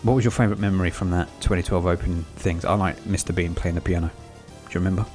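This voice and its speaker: Low-voiced teasing man. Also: fairly even intonation, fast, darkish tone, faint music behind. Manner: teasing, jokey. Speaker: podcast co-host. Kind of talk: casual chat.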